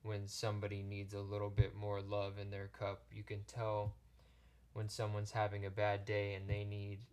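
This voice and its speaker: A man giving a pick-a-card tarot reading, talking in a gentle, halting way with many restarts. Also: fairly low pitch, completely flat delivery, clear, resonant tone. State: choked up, near tears. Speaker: tarot reader.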